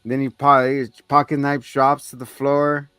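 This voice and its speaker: A man's voice: mid-range voice, little pitch movement, unhurried, sharp tone, clean tone, dry recording. A man co-hosting a casual podcast, animatedly retelling a movie scene with profane acted-out quotes. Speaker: podcast co-host. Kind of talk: casual movie recap chat.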